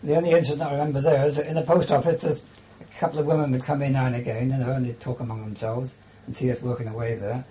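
An older man recalling wartime memories in an oral history interview, speaking haltingly with many restarts and fillers. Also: medium pitch, flat delivery, dark tone, muffled recording. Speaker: interviewee, former prisoner of war.

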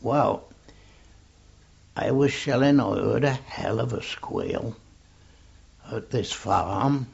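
This is an older English man telling an oral history in a rambling, matter-of-fact way. His voice is gravelly and husky, and he takes his time. The recording sounds dull and lo-fi, like old tape. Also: mid-range voice, slow, pauses often, darkish tone. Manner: rambling, anecdotal, plainspoken. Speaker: old soldier recalling the war.

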